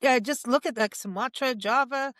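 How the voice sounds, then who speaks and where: Chatty woman host with a higher voice. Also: normal speed, fairly bright tone, dry recording. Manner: loose and chatty, many fillers. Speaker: radio show host. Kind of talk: casual interview chat.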